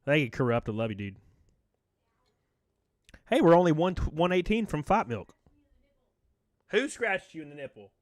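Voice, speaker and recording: A man's voice: a little high, very animated, moderate pace, pauses often, no room sound. Casual joking male streamer, dry sound. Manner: rambling, joking, swears freely, thanks viewers warmly. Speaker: live streamer. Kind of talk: casual live-stream chat, reading viewer messages.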